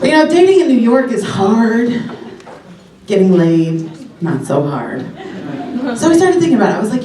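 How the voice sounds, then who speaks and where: A woman from Long Island doing a raunchy stand-up set, telling brash, animated stories with big jumps in pitch. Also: moderate pace. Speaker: stand-up comedian. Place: comedy club stage. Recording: roomy club sound from a distance, loud audience. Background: audience laughter.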